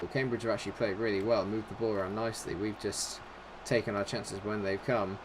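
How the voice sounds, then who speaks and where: A man giving live commentary over his own football video game, calm and chatty between chances and shouting when his side scores. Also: on the low side, brisk, noisy background. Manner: excitable football-style commentary, shouts at goals. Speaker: gaming YouTuber.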